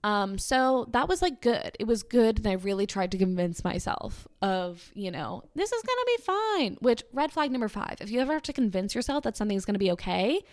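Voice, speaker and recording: A young woman in her twenties talks through a storytime in a loose, rambling way, full of fillers and asides. Her voice sits at an ordinary middle pitch. When she quotes others it leaps up high. The sound is dry and close, with no room around it. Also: animated, a little fast, few pauses, darkish tone, no echo. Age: 20s. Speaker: vlogger telling a personal story. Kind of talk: casual storytime.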